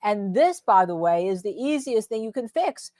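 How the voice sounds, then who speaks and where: A woman's voice: mid-range voice, sing-song, moderate pace, dark tone, no echo. A woman with a New Jersey accent hosting live legal commentary, talking indignantly with stumbling restarts. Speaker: host.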